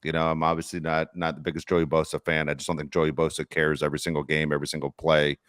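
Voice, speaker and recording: A middle-aged man hosting a sports podcast, telling stories in casual, animated chat. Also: a bass voice, quick pace, dry recording, clean studio sound. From Los Angeles area. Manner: storytelling, animated, swears casually. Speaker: podcast host.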